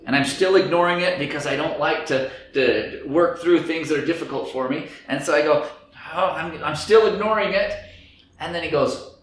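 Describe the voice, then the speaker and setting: A man's voice: a little high, moderate pace, fairly bright tone. A man giving a lecture to a group, acting out inner voices in quoted dialogue. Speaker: speaker on anxiety and stress. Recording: very echoey room, faint background noise.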